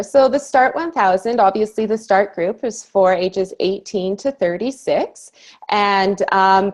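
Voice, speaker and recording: A woman in her thirties from Canada tells her own story as a call guest. Her voice sits at a middle pitch, and she speaks with earnest enthusiasm. She often slips in a "you know" and laughs easily. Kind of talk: personal story in casual conversation.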